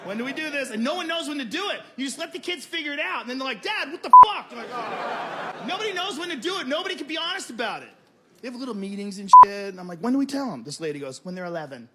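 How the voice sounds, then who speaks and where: High-pitched man doing animated stand-up. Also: rapid-fire, over a noisy crowd. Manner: animated, acts out quoted voices, profane. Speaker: stand-up comedian. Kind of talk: stand-up comedy set.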